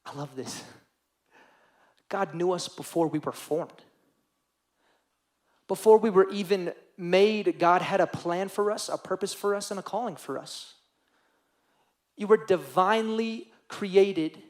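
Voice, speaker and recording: Earnest high-voiced young male youth pastor. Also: unhurried, pauses often, a little mellow. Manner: earnest, emotional, repeats phrases for emphasis. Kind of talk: sermon.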